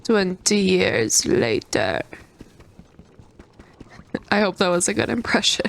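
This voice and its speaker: A young adult woman giving gameplay commentary, excitable and prone to squealing outbursts. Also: medium pitch, slow pace, vocal fry, pauses often. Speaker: gaming creator.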